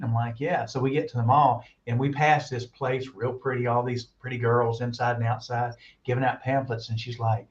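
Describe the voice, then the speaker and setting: A man telling long, animated stories in casual chat and acting out the quoted voices, recorded with muffled audio. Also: mid-range voice, normal speed. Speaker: guest on a talk stream. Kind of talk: casual storytelling.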